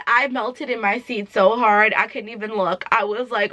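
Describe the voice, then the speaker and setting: A young woman vlogger giving a casual movie review, retelling the plot in an animated, dramatic way with slangy asides. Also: mid-range voice, moderate pace, few pauses, dry recording.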